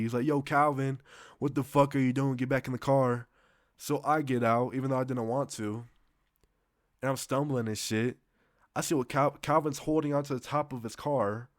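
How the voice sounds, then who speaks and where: Young guy, casual storytime, slangy and rambling, medium pitch, dead-dry close sound. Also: dry recording. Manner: loose, slangy, profane, rambling with restarts.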